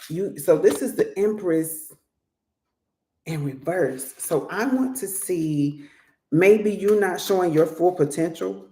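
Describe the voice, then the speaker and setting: A tarot reader talks through a casual card reading in a chatty, laughing way, now and then acting out little voices. The pitch sits in an ordinary middle range. The room has a noticeable echo. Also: mellow, slight background noise. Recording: roomy echo.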